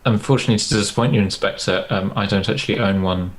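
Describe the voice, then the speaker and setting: A man playing a tabletop game, speaking in character in a halting way with many fillers. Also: fairly low pitch, fairly even intonation, low-quality recording. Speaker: player.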